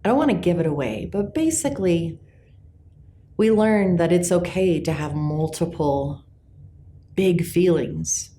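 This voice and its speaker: A middle-aged woman talking gently and earnestly to camera, sharing personal reflections and slowing down on key words. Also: fairly low pitch, a little hiss or hum.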